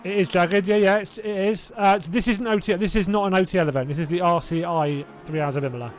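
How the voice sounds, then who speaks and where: A man's voice: sits high, fast, slight background noise. A young man casually hosting a live sim racing watch-along, chatty and reacting aloud, laughing often. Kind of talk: casual live-stream chat.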